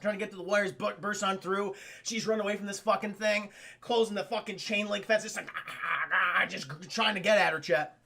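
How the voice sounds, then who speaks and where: A man casually recapping a film on a live stream, profane and animated, acting out the characters' lines. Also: high voice, fairly quick, gravelly.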